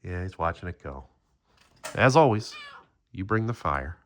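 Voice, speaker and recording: A man's voice: deep voice, very animated, a little slow, long pauses, fairly bright tone. A man hosting a card-opening video, rambling casually as he reads off player names and talks to his pet. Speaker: card-breaking channel host. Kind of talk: casual pack-opening chat.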